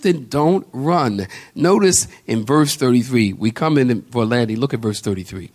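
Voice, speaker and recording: A man's voice: medium pitch, lively intonation, normal speed, a little mellow. A male pastor preaching a sermon, building emphasis through repetition and calling on the congregation to respond.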